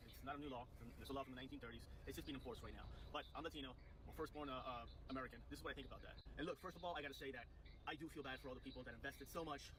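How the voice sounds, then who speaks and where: A man's voice: medium pitch, background noise. A man with a Miami accent, a truck driver, giving a blunt, profane opinion rant to the camera.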